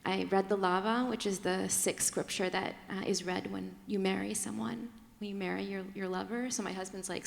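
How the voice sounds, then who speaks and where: A woman speaking candidly on a conference panel, animated and quick to laugh, slipping into different voices as she tells her story. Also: mid-range voice, creaky. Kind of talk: candid personal talk on a panel. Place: large conference hall. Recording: long reverb of a large hall.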